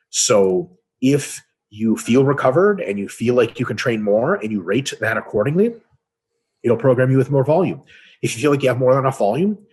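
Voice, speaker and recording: A man's voice: mid-range voice, a little mellow, breathy edge. A man co-hosting a casual webinar, answering training questions in a blunt, profane, explanatory way. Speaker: co-host answering fitness questions.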